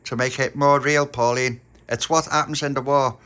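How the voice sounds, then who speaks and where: A man's voice: mid-range voice, steady tone, moderate pace, sharp tone, pitched above the performer's own voice, close to an everyday voice. A man voicing a cocky little boy who boasts and dramatizes. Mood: boastful.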